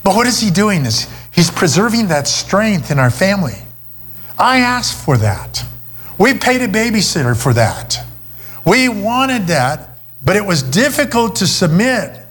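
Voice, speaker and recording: A man's voice: high voice, sing-song, measured pace, long pauses, fairly bright tone, slightly rough. A middle-aged man preaching a sermon, telling a personal story in a conversational way. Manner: storytelling, conversational, many restarts. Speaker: pastor.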